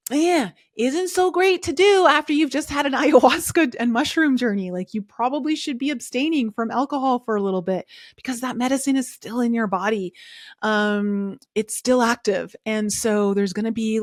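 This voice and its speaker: A woman's voice: on the high side, no echo, studio quality. A woman hosting a podcast, giving a casual, opinionated recap of a reality show, talking chattily with lots of fillers. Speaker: podcast host.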